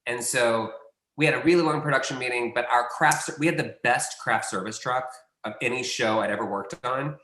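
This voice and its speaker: A man's voice: mid-range voice, fairly quick, bright, forceful tone, echoey room, a little hiss or hum. A man, a casting director guest, telling a long anecdote in a rambling, self-correcting way.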